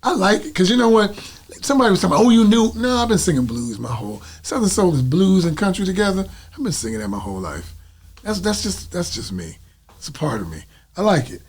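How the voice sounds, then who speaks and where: A middle-aged singer from the United States, a guest telling stories in a casual interview and acting out the dialogue. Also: male voice, sits high, quick pace. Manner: animated, acts out quoted dialogue.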